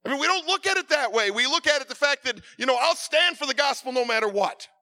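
Impassioned high-voiced male preacher. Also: lively intonation, fast talker, no room sound, studio quality. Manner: impassioned, swings from hushed to shouting, stammers and repeats words. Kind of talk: sermon.

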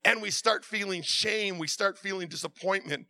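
A man preaching a sermon with passion, stammering and repeating words, swinging from hushed confession to loud outbursts. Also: high voice, normal speed, dry recording.

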